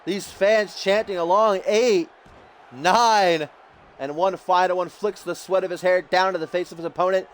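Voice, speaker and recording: A man doing jokey, excitable play-by-play commentary over a wrestling video game, getting loud at the big moments. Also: sits high, moderate pace.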